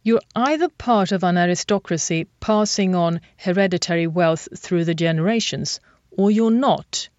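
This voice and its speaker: A woman reporter delivering scripted documentary narration in a measured, clear way. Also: lowish voice, a little mellow, no room sound. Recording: dry, slightly dull, faint music.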